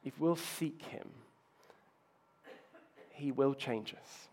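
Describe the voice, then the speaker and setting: A man's voice: medium pitch, drawn-out words, darkish tone, slight background noise. A man preaching a sermon, telling self-mocking stories with playful asides. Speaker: pastor.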